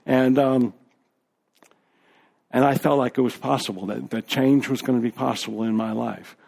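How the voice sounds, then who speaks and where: A man's voice: medium pitch, steady tone, moderate pace, creaky, darkish tone, husky. A man as a guest speaker, telling his personal recovery story to a group in a candid, conversational way with fillers and asides.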